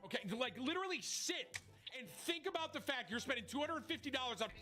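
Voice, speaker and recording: Bright, sharp-toned male streamer reading chat messages aloud with mocking commentary. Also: very high-pitched, very animated, quick pace, faint music behind. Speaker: game streamer.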